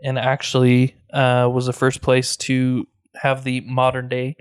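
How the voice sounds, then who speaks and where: A man's voice: medium pitch, monotone, clean tone, no room sound. A man with an ordinary mid-range voice co-hosts a podcast, teasing the others and laughing easily as they chat. The recording is dry and close. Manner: playful, teasing, quick to laugh. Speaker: podcast co-host. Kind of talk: casual chat.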